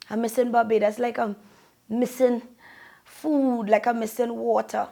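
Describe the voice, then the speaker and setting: A young Trinidadian woman giving effusive, sing-song shout-outs to her viewers in a casual vlog. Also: a little high, little pitch movement, measured pace, gravelly. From Trinidad and Tobago. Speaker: vlogger.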